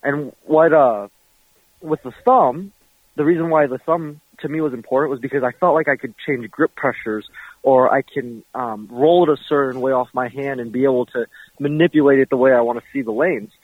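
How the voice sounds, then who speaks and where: A man's voice: medium pitch, moderate pace, breathy edge, no echo. A man, a professional bowler, chatting easily in an interview with many fillers, heard over a remote call. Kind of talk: casual interview answers. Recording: tinny phone-like line, dry.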